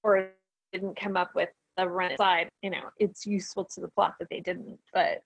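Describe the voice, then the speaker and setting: A woman's voice: on the low side, little pitch movement, normal speed, gravelly, breathy edge, no room sound, rough recording. A woman co-hosting a podcast, chatting casually with wry, amused asides. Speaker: podcast co-host. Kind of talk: casual chat.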